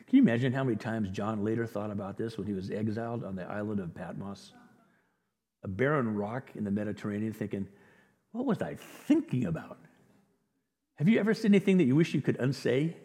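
A man preaching a sermon as a pastor, animated and acting out the voices of the people in the story. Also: on the low side, fast. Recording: echoey hall with long reverb.

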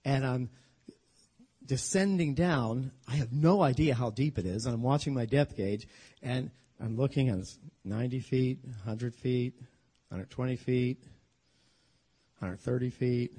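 A man teaching a sermon as a humorous, animated story, acting out the voices of the people in it. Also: medium pitch, unhurried, husky. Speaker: Bible teacher.

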